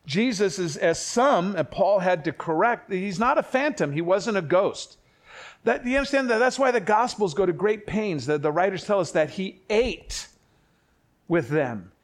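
An older man preaching a sermon in a conversational way, with family anecdotes and quick self-corrections. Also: high voice, animated. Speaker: pastor.

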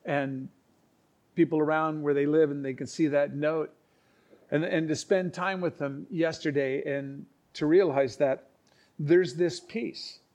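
Preacher guy telling stories, earnest, stumbles and restarts a lot, voice a bit on the high side. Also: a little mellow. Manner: earnest, halting, with many restarts and acted-out quotes. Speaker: pastor. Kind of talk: sermon storytelling.

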